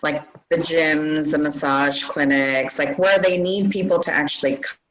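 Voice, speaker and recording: A woman guest expert giving casual marketing advice on a webinar, relaxed and full of fillers. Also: deep voice, normal speed, a little hiss or hum, low-quality recording.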